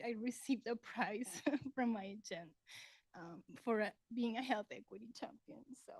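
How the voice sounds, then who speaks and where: Woman co-leader, tearful, laughing through tears, higher voice, dry close sound. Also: no room sound, rough recording. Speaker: community group co-lead. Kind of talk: self-introduction at a community meeting.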